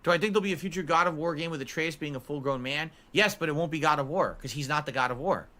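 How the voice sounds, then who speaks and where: A man's voice: on the high side, quick pace, pushed and bright. A man chatting casually on a stream, answering chat messages in a musing, talkative way.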